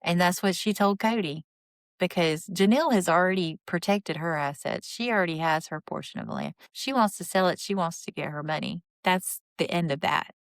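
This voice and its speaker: A woman's voice: on the low side, moderate pace, no room sound. A woman hosting a podcast, retelling and judging a reality TV episode in a blunt, indignant, opinionated way. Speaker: podcast host. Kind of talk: reality TV recap commentary.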